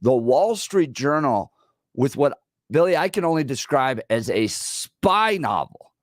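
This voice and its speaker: A man in his forties co-hosting a radio talk show, telling stories in an animated way and laughing as he goes. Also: medium pitch, a little slow, no room sound, clean studio sound. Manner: animated storyteller, laughs while telling anecdotes.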